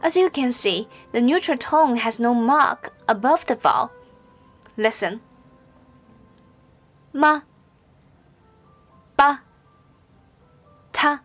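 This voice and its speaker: A woman teaching Mandarin pronunciation in scripted narration, speaking slowly and carefully with clearly enunciated, drawn-out example syllables. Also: a little high.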